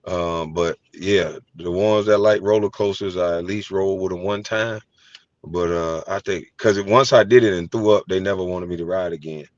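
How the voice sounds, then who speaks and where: A middle-aged man with a low voice tells animated, profane stories in a relaxed chat. He laughs easily as he talks. The sound is dry and a little dull. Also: moderate pace, no echo. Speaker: host. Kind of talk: casual chat.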